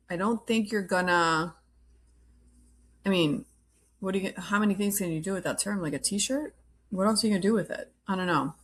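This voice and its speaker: A woman talking loosely as the host of her own podcast. She is blunt and opinionated and fills her talk with "like." Her voice sits at an ordinary, middle pitch. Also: fairly bright tone, a little hiss or hum. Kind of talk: casual reality TV recap.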